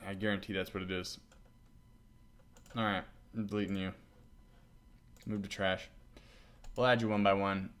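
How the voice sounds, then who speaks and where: A man hosting a casual coding tutorial, talking to himself as he works and getting loudly excited and laughing when things run. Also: low voice, normal speed, long pauses, clear, resonant tone.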